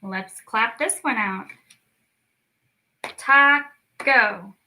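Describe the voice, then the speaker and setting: A young woman teaching a children's lesson, slow and encouraging as she speaks to young kids. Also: on the high side, lively intonation, sharp tone, low-quality recording. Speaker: speech clinic storytime teacher.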